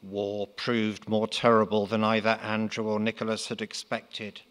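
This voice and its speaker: A man with an English accent, an author reading his comic literary pastiche in a dry, deadpan narrating voice. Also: on the low side, a little slow, long reverb tail.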